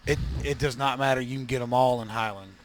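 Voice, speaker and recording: A man co-hosting a podcast, jumping in with quick, blunt, crude remarks. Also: mid-range voice, steady tone, a little hiss or hum. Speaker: podcast co-host. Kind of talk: casual chat.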